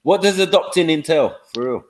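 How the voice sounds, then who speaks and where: A man's voice: fairly high pitch, lively intonation, fairly quick. A man on a live panel asking blunt, incredulous questions in casual banter, swearing freely.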